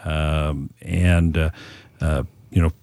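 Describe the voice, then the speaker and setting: Deep, mellow older man on the radio. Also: flat delivery, no room sound, studio quality. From Washington State, US. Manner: measured, hesitant with many uhs. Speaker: radio guest, museum president. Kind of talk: interview answers.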